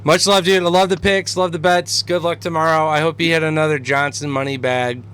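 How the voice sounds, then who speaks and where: A man's voice: on the high side, little pitch movement, a little fast, a bit bright, clear, resonant tone. A man hosting a casual chat, laid-back and joking, laughing easily. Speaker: host.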